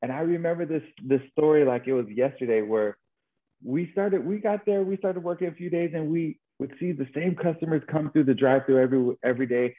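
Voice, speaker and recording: A man's voice: fairly high pitch, a little fast. A man from El Paso, Texas telling a story in casual chat, rambling and ending lines with "right?". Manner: rambling, repeats words, tag questions "right?". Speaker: podcast co-host. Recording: phone-like narrow band.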